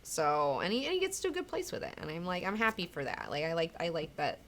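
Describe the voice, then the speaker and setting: Female comic book host, somewhat low voice, rambling casual chat, frank and profane. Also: huge pitch swings, fast talker, fairly bright tone, a little hiss or hum. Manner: rambling and candid, swears freely, acts out characters' lines.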